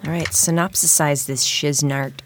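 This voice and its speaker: A woman's voice: low-pitched, steady tone, moderate pace, heavy background noise. A woman co-hosting a podcast in loose, joking chat, swearing and laughing while she eats and drinks wine. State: eating chips and drinking wine. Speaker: podcast co-host. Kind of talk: casual chat, bloopers.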